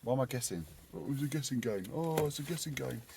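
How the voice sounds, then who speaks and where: A man's voice: medium pitch, lively intonation, fast talker, gravelly, warm tone, slight background noise. A man chatting casually and rambling with jokes as he fits a car stereo himself. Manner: rambling and jokey, talking to himself as he works. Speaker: car DIY vlogger. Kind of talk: casual workshop chat while fitting a stereo.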